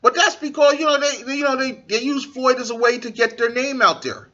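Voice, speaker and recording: A man's voice: extremely high pitch, a little fast, bright, forceful tone, highs cut off. A man hosting a boxing talk show, giving blunt, profane opinions in a casual monologue and acting out what fighters say.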